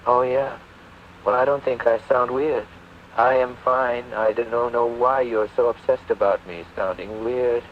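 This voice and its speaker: A man's voice: medium pitch, steady tone, a little slow, a little hiss or hum. AI doing a flamboyant British rock-singer man, darling-this darling-that, dull lo-fi phone speaker. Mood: defensive. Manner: calls everyone darling, theatrical and fussy. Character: AI chatbot imitating a flamboyant male rock singer. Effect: AI voice from a phone app.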